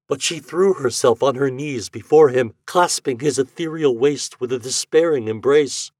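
A man reading a story aloud as a guest, with a measured, expressive narration. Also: medium pitch, no echo, studio quality. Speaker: guest reader.

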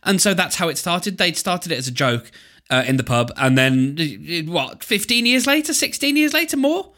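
A man in casual chat, telling stories in a lively way with many restarts. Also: high-pitched, moderate pace.

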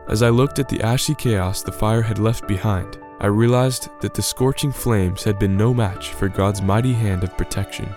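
Low-voiced man reading a devotional. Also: moderate pace, hardly any pauses, over music. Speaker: podcast narrator.

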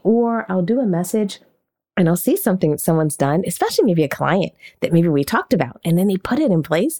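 A woman hosting a podcast, teaching in an animated, conversational way and often asking questions aloud. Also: fairly low pitch, a little fast. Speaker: podcast host and marketing coach. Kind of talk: casual teaching monologue.

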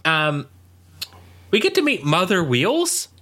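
Man, podcast co-host, bright forceful voice, casual rambling recap, lots of ums. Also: sits high, wildly swooping pitch, slow. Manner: rambling with many fillers and frequent laughs. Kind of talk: casual chat recapping a show.

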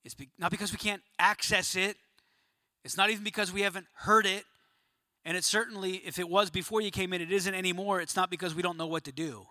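Pastor guy preaching, high bright voice, dry sound, gets loud then goes real quiet. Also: brisk, no room sound. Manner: emphatic, rising to near-shouting questions; drops to a quiet, low voice for emphasis. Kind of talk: sermon. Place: room of about a hundred men.

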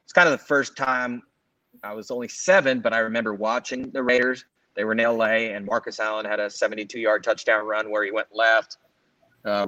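A man's voice: lowish voice, pushed and bright, dry recording, dull audio. A man in his forties from the Los Angeles area, rambling through a casual sports chat as a podcast co-host, full of fillers and self-corrections. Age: 40s.

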